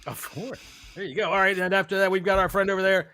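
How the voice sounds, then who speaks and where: Podcast host guy ribbing his buddies, kinda high voice, dry mic. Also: fairly even intonation, fast talker, sharp tone, dry recording. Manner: joking, teasing, upbeat emcee. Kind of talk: casual chat.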